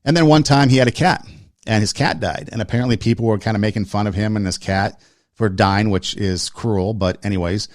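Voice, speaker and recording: A man's voice: fairly low pitch, brisk, dry recording, clean studio sound. A man hosting a podcast, telling a personal story in casual talk, earnest and repeating phrases for emphasis. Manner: talks in short listing phrases. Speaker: podcast host.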